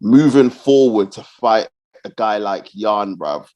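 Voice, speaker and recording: A man chatting about fights on a podcast in an easygoing, agreeable manner. His voice sits a little low. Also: slow, highs cut off. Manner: relaxed, agreeable, backchannels a lot. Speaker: podcast co-host. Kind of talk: casual fight-talk chat.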